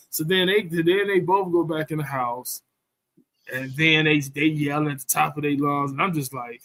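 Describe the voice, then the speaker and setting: A man's voice: a little high, steady tone, moderate pace, a bit bright, dry recording. A man telling a rambling, profane story in casual chat, often asking "you know what I'm saying".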